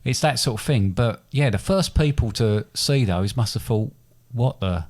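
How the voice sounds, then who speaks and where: A man's voice: medium pitch, moderate pace, a little mellow. A man co-hosting a casual podcast chat, rambling and self-deprecating as he talks. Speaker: podcast co-host.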